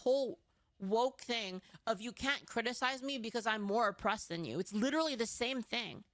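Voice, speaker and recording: A woman's voice: fairly high pitch, normal speed, a bit bright, no room sound. A woman giving blunt, scornful opinion commentary in a played clip, swearing casually.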